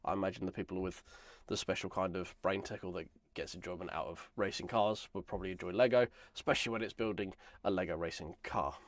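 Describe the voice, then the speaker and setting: Croaky hoarse man streaming. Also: deep voice, steady tone, fast, hardly any pauses, no echo. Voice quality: croaky, gravelly. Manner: rambling, self-deprecating. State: hoarse from a chest infection. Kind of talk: casual live-stream chat while building.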